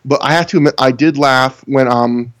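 A man's voice: mid-range voice, fairly even intonation, moderate pace, a bit bright. A man co-hosting a podcast, chatting casually as he reviews a show, rambling and laughing often. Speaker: podcast co-host. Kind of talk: casual chat reviewing wrestling shows.

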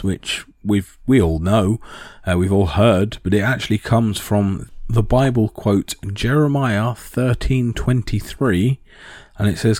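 Low-voiced man explaining, rambling. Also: slow, darkish tone, no room sound, clean studio sound. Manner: rambling, with many ums and restarts. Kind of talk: casual explanatory talk.

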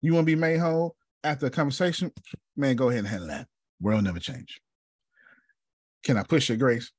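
A man's voice: on the high side, very animated, brisk, pauses often, a little mellow, slightly rough, dry recording, clean studio sound. A man telling a story in a preaching style, dramatic, repeating a refrain and calling on listeners by name. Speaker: speaker.

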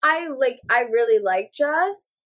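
A woman's voice: sits high, expressive, slow, fairly bright tone. Thoughtful woman talking it through. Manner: thoughtful, reasoning aloud with many fillers. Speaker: podcast co-host. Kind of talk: casual chat.

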